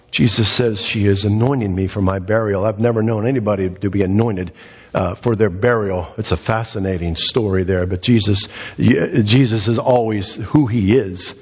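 A male pastor preaching a sermon, emphatic and repetitive, swinging his pitch up and down and short of breath. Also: normal speed, darkish tone, husky, in a large hall, lo-fi sound. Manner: emphatic, repeats phrases, dramatic pitch swings. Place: church sanctuary.

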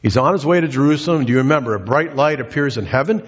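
A man's voice: medium pitch, fast, husky. A man preaching a sermon as a pastor, telling the story earnestly and building to passionate emphasis. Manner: earnest storytelling, rising to impassioned. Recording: dull lo-fi recording in a reverberant hall.

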